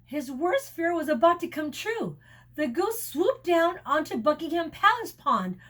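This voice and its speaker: A woman teacher reading a picture book aloud to children, pausing often to explain words and adding sound effects and asides. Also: extremely high pitch, big pitch swings, a bit bright.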